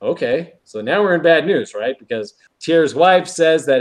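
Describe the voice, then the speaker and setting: Casually recapping an episode, a male podcast co-host speaks at a moderate pace in a voice that's a little high. He's animated, acting out the lines he quotes.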